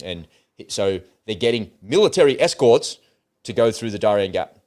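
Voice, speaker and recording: A man's voice: lowish voice, expressive, normal speed, a little mellow. A man hosting a casual talk show, retelling a video he watched in a conversational, storytelling way. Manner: storytelling, relaying a video at length. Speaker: host.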